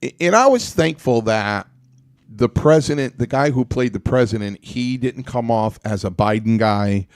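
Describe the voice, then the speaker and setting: A man's voice: mid-range voice, lively intonation, moderate pace, no room sound, clean studio sound. A man hosting a casual talk show, telling stories in a rambling way with many restarts and fillers. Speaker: podcast host. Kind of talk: casual chat.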